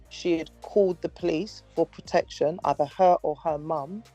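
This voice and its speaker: Gravelly-voiced woman co-host. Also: low-pitched, normal speed, few pauses. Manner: calm, explains at length, steers the talk. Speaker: podcast co-host. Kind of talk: casual chat. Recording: faint music behind.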